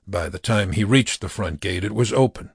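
Low gravelly guy reading a story slow, husky, dry close sound. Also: no room sound. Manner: slow, measured reading with acted dialogue. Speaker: narrator. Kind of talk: audiobook narration.

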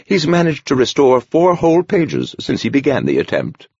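A man voicing a gentle, kindly old male monk overseer who talks patiently and teases wryly. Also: mid-range voice, huge pitch swings, moderate pace, vocal fry, husky, no room sound, highs cut off, pitched above the performer's own voice, heavily acted. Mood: patient explaining. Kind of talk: audiobook character voice.

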